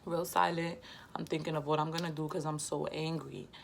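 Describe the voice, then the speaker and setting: A young woman telling a personal story on her vlog in a slangy, heated, lively way. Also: deep voice, fairly quick, vocal fry, slight background noise. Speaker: vlogger. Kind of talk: casual storytime.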